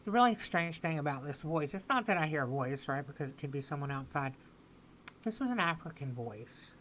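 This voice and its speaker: A woman giving a spoken tarot reading, repeating her phrases slowly and with emphasis. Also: low voice, expressive, fairly bright tone, slight background noise, poor audio. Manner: slow, repetitive, affirming phrasing. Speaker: tarot reader.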